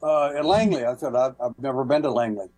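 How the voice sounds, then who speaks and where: A man's voice: mid-range voice, fast, a little mellow, rough recording. A man guesting on a call-in radio show, telling folksy anecdotes with many hesitations and small laughs. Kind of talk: casual call-in radio storytelling.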